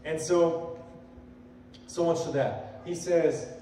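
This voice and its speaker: In a church sanctuary, a male pastor delivers an earnest, conversational sermon, his emphasis building as he quotes scripture. His slow, mellow voice is on the high side, heard from far off in an echoey hall with a little hiss or hum.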